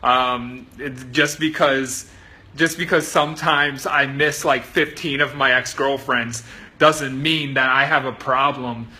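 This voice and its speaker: A man's voice: medium pitch, steady tone, slow, pushed and bright, slightly rough. A man telling a profane, sarcastic comedic story as a monologue.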